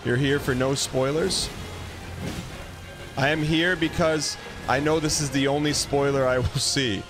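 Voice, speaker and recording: A man streaming a game and chatting casually with his audience. He talks in a quick-witted, teasing way, trading jokes with his chat. Loud game music plays steadily behind his voice. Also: mid-range voice, fairly even intonation. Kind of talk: casual live-stream chat while gaming.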